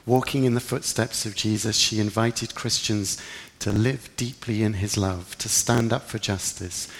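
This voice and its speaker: Man, preacher, sermon, earnest, reflective, gravelly voice, long church reverb. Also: fairly low pitch. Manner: earnest, reflective, rising with emphasis in quoted prayers.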